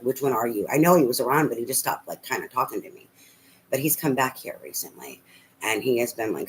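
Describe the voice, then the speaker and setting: A woman's voice: very deep voice, a little hiss or hum, poor audio. A middle-aged woman telling a rambling personal story as a tarot reader, full of fillers and casual swearing.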